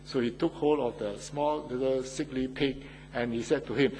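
A pastor preaching a sermon, telling stories with rising emphasis and playful asides. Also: male voice, medium pitch, normal speed, slightly rough, poor audio. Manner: animated storytelling, rising loud for emphasis.

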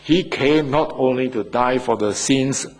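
Male preacher, husky, earnest sermon delivery with rhetorical questions. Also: mid-range voice, unhurried.

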